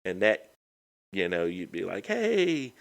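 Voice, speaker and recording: Lively man telling stories. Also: fairly low pitch, brisk. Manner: animated, lively storyteller. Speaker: comedian guest. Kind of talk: casual storytelling chat.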